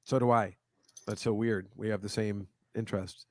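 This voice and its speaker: A man's voice: on the low side, fairly even intonation, normal speed, dry recording, clean studio sound. A man hosting a casual comedy show, chatting with a guest in a rambling, self-correcting way. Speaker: host. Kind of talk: casual video-call chat.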